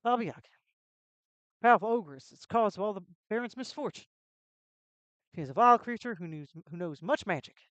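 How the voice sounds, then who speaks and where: A woman's voice: mid-range voice, animated, a little fast, pauses often, dry recording, muffled recording, natural voice. A woman voicing a solemn male castle gatekeeper, reading the game's lines in plain speech. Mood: informative. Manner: plain game-text reading.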